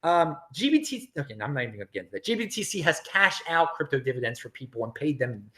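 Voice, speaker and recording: A middle-aged American man hosting a casual livestream, reading viewer comments in an animated, chatty way with frequent laughs and restarts. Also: fairly high pitch, quick pace. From United States. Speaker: crypto livestream host.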